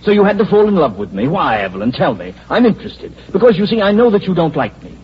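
Suave swindling company president, condescending, old radio drama, muffled lo-fi sound, faint hiss. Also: male voice, sits high, very animated, fast talker. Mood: mocking. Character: smooth, scheming male corporation president, mocking. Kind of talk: 1940s radio acting.

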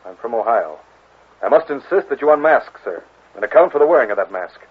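An actor playing a stern, suspicious army captain who speaks in a stiff, formal, demanding way in a vintage radio drama. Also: male voice, mid-range voice, animated, brisk, slightly rough, narrow, tinny audio. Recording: scratchy old radio broadcast.

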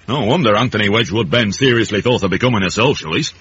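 An actor playing a blunt, deadpan older uncle with a gruff manner in a radio comedy. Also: male voice, lowish voice, fast talker, a little hiss or hum, close to an everyday voice. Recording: dull old radio broadcast.

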